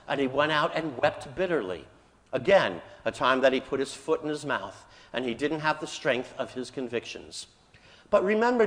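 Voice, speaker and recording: A man preaching a sermon as a priest, telling the story vividly and raising his voice for the quoted lines. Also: fairly high pitch. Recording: church hall reverb.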